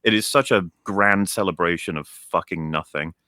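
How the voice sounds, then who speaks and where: A young man ranting on a stream about a video game, animated and profane. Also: low voice, moderate pace, no echo, studio quality. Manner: animated, profane, mocks characters in put-on voices. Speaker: stream guest.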